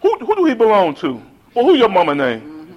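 A man voicing his blunt, sharp-tongued old grandmother, raising his voice high and loud as he scolds. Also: huge pitch swings, fairly quick, poor audio. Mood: scolding.

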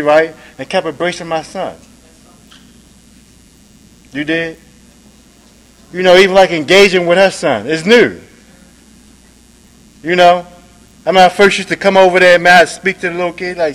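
Sharing his recovery at a meeting, a man speaks at a moderate pace and pauses often, chatting with lots of "man," "right?" and "you dig?" His voice moves between soft, low stretches and emphatic, louder ones, and the audio is poor.

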